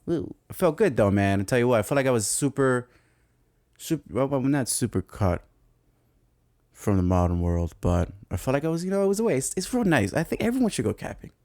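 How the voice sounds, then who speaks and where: A young man with a New York accent, telling a camping story as a podcast host in a loose, profane, animated way, laughing often. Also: mid-range voice, a little fast, no room sound, clean studio sound. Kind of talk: casual storytelling monologue.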